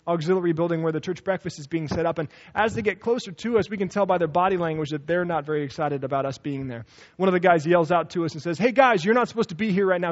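Male preacher, high pitch, lively storyteller who acts out every quote; muffled recording. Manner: animated storytelling, acting out quoted voices. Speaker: preacher telling a personal story. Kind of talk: sermon storytelling. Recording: dull lo-fi recording.

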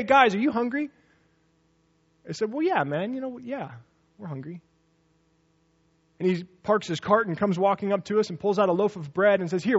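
Male preacher, high pitch, lively storyteller who acts out every quote; muffled recording. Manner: animated storytelling, acting out quoted voices. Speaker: preacher telling a personal story. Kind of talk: sermon storytelling. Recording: dull lo-fi recording.

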